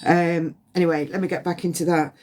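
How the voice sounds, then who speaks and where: A woman giving a past-life psychic reading on a phone livestream, halting and repeating words as impressions come to her. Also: lowish voice, level tone, loud music behind the voice. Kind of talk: livestream reading and guided release.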